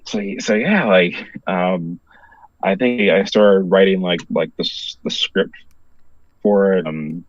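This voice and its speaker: A man's voice: low-pitched, slow, no echo, lo-fi sound. A man, a comic book creator being interviewed, telling a story in a rambling casual way with lots of filler words. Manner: rambling, heavy use of "like" fillers, laughs often.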